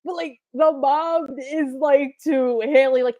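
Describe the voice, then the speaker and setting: A woman's voice: high voice, a little mellow. A young woman chatting casually with fans in a live Q&A, rambling with lots of fillers. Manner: rambling, filler-heavy, quick quoted asides. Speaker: streamer answering fan questions.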